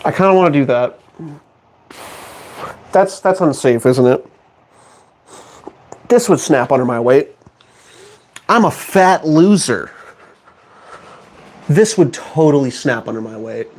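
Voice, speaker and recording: A man's voice: mid-range voice, animated, slow, pauses often, a little mellow, slight background noise. A man streaming from his home studio, bantering with chat in a sarcastic, mock-outraged and self-mocking way. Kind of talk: casual live-stream chat.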